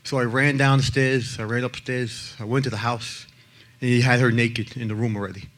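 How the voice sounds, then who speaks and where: A man speaks in blunt, emphatic personal testimony. His voice sits at an ordinary middle pitch. He pushes some lines out loudly and drops others to a near hush. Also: level tone, moderate pace. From the Bronx, New York. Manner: blunt and emphatic, swinging between loud and hushed. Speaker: abuse survivor and advocate speaker.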